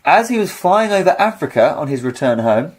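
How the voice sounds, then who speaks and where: Brief: podcast co-host, slightly high, very lively voice, relaxed wry narration. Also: male voice, a little fast, noisy background. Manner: relaxed storytelling, wry asides. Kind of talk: casual comedic chat.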